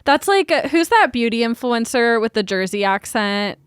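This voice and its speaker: A woman's voice: a little high, sing-song, moderate pace, clean tone, no echo, clean studio sound. Valley girl woman in casual chat. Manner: valley girl speech, lots of "like". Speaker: podcast co-host.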